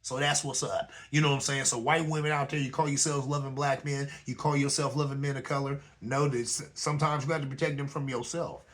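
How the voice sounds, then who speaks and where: A man's voice: mid-range voice, level tone, a little fast, hardly any pauses, a bit bright. A man hosting his own talk show, speaking in a loose conversational way and often asking "you know what I'm saying?". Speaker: host. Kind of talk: casual commentary monologue.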